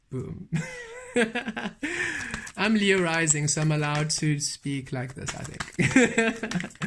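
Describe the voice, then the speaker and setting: Slow, chanting spiritual tarot reader. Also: mid-range voice, gravelly, fairly bright tone, slight background noise. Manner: slow, incantatory repetition with frequent laughter. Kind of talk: spiritual channeled reading. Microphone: camera on a table.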